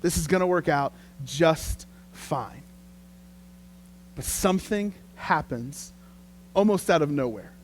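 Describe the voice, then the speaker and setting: A man preaching a sermon as pastor, telling the story in a lively, conversational way. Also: on the high side, slow pace, long pauses, slight background noise.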